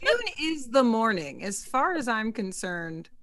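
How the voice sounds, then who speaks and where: A woman's voice: a little high, sing-song, a bit bright. A woman hosting a casual podcast chat, joking and playful. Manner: playful, quick jokes. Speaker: comedian host.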